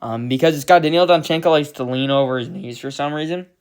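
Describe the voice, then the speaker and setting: A man's voice: a little high, fast, smooth. A man giving a casual fight recap, blunt and profane, rambling through his opinions. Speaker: MMA commentator.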